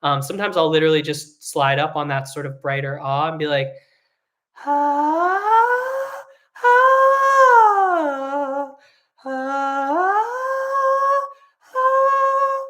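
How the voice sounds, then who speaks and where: A singing teacher giving an online vocal lesson, explaining technique in a relaxed way with frequent fillers. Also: medium pitch, fast talker, few pauses.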